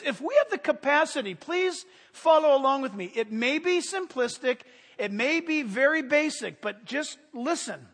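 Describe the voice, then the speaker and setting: Pastor, male, high bright voice, animated sermon delivery with shouted bursts, long hall reverb. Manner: animated storytelling with sudden shouted commands.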